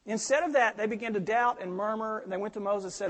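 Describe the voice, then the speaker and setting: A man's voice: high voice, quick pace, a bit bright, big-room sound. A middle-aged male pastor preaching a sermon, telling stories animatedly and acting out the quoted voices.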